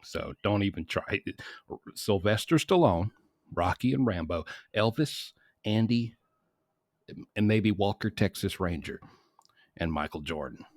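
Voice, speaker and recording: A man's voice: lowish voice, lively intonation, measured pace, pauses often, darkish tone, dry recording, clean studio sound. A man hosting a casual morning podcast from a small hot room at home, talking in a rambling, chatty way that corrects itself as he goes. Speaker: podcast host. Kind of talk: casual chat.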